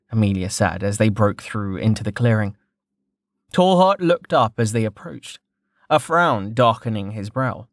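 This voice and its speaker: A man narrating a fantasy novel in an expressive, varied storytelling manner. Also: lowish voice, unhurried, dry recording, clean studio sound. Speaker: audiobook narrator.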